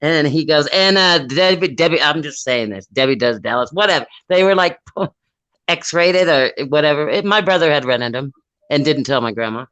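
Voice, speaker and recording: A middle-aged man spinning a casual story, lively as he mimics the people in it. His voice sits a little high. The stream audio is dull and lo-fi. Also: normal speed. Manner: animated, mimics voices in anecdotes. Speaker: live stream participant.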